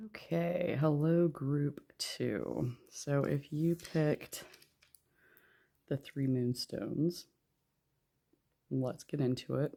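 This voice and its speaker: A woman's voice: low voice, very slow, creaky, pauses often, warm tone. A woman doing a casual tarot card reading in her living room, chatty and snarky and laughing often. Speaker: tarot reader.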